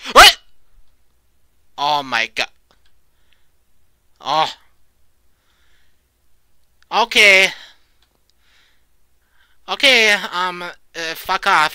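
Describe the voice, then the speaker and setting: Jumpy cursing man, bright tense voice. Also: a little high, clear, resonant tone, no room sound. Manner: jumpy, swears often, shrieks when startled. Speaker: let's play creator. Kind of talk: horror game commentary.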